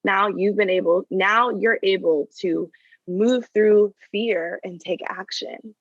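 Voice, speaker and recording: A woman's voice: mid-range voice, steady tone, slow pace, no room sound, dull audio. A woman guest on a podcast who coaches business owners. She speaks earnestly and keeps checking in with "right?" and "you know". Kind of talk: conversational interview answers.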